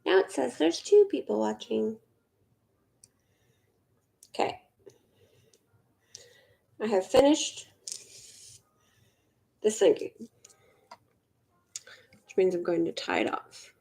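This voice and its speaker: A Mississippi woman with a Southern accent chats casually while beading on her livestream. Her voice is on the high side, gravelly and dark, very animated but slow, with long pauses. She rambles offhandedly and swears casually.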